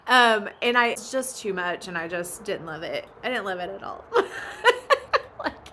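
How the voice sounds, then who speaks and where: A woman's voice: fairly low pitch, moderate pace, pushed and bright, a little hiss or hum. A woman, chatting casually about family life and laughing often. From Oklahoma. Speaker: vlogger and ranch mom. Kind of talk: casual chat.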